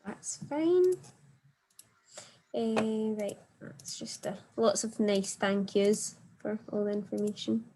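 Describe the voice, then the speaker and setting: A woman's voice: mid-range voice, slow pace, mellow, slight background noise. Polite woman reading out questions. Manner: relays audience questions politely. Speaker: webinar moderator. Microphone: video call.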